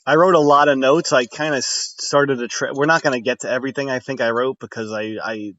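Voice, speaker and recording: A man's voice: mid-range voice, fairly even intonation, fairly quick, fairly bright tone, dry recording, highs cut off. A man co-hosting a casual chat, rambling and hesitant, often trailing off mid-thought. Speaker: podcast co-host.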